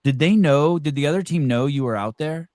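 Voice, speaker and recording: A man's voice: on the high side, a little fast, a little mellow, no room sound. Dry-sounding man hosting a casual podcast. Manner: conversational, rambling questions with fillers. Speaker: podcast host. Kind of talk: casual interview talk.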